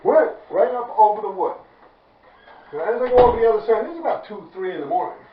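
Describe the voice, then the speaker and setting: A man's voice: high-pitched, animated, fast talker. A man with a New York accent, telling a graffiti story to his viewers in loose, profane street talk, laughing as he goes. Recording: echoey, distant, dull with faint noise.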